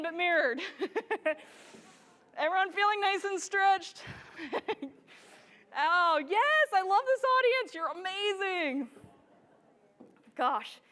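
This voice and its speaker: High, bubbly woman on a stage. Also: slow, pauses often. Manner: bubbly, excitable, laughs often. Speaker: photographer giving a stage presentation. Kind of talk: enthusiastic conference talk. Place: large event stage before a live audience. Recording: long hall reverb.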